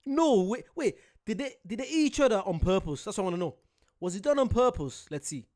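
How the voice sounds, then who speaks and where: Excitable British man reacting, lively pitch. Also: a little fast. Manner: excitable, laughs often, talks to viewers. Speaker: reaction video host. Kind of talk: casual reaction commentary.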